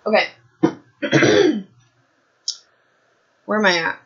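A woman hosting a podcast from home with a hoarse, raspy throat, chatting in a rambling, self-mocking way and saying "like" a lot. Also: lowish voice, moderate pace, pushed and bright, highs cut off. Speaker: podcast host. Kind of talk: casual chat, rambling book summary.

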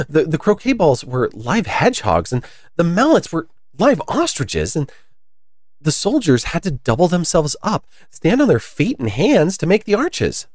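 A man reading a classic children's story aloud in a lively, expressive way. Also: fairly high pitch, no room sound, studio quality.

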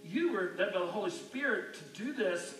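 A male pastor preaches in a conversational sermon, his voice high and bright. He is heard from a distance in an echoey church, with soft music faint in the background. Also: animated, moderate pace. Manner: conversational, drops to a hushed near-whisper in stories. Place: church sanctuary.

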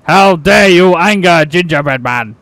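A loud, theatrical gingerbread man, put on by a man, who keeps repeating his threats. The voice sits high and swings widely in pitch, like a game character playing up his menace. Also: animated, unhurried, slight background noise. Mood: mock menace. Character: angry vengeful gingerbread man, male, menacing.

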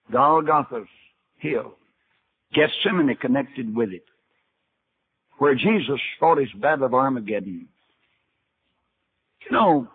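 A man's voice: medium pitch, slight background noise. An older man preaching a sermon, telling Bible stories in a folksy way and acting out the dialogue himself. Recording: tinny archival sermon recording.

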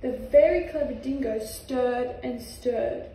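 A young Australian woman reading a children's picture book aloud in a gentle, sing-song way. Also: on the high side, takes it slowly, slight background noise. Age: young adult. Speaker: reader, footballer. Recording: echoey room, far from mic.

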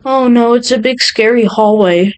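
A woman's voice: a little high, normal speed, clear, resonant tone, poor audio. A young woman playing a horror game for her channel, nervous and jumpy as she talks to her viewers. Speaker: gaming channel host. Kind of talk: horror game let's play commentary.

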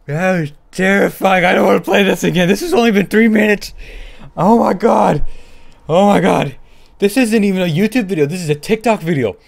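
A young man with a gravelly, slightly high voice talks through a horror game on his channel. He frets, curses and repeats himself, dropping to hushed mutters and then breaking into short startled shouts. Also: brisk. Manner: scared, swearing, repeating himself in whispers and yelps. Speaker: gaming channel host. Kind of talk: horror game let's play commentary.

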